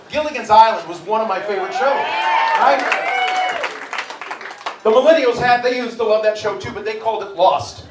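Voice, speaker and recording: Brash comedian in an echoey pub. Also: male voice, high voice. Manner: brash, crude storytelling with punchy one-liners. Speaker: stand-up comedian. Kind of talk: live stand-up comedy. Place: pub stage in front of a live audience. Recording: distant echoey pub room with crowd laughter. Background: audience laughter and bar ambience.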